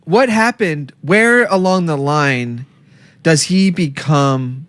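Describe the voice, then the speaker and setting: A man's voice: on the high side, lively intonation, slow, a bit bright, no echo. A man from Cleveland in casual comedic chat as a podcast co-host, laughing often and breaking into goofy impressions. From Cleveland, Ohio.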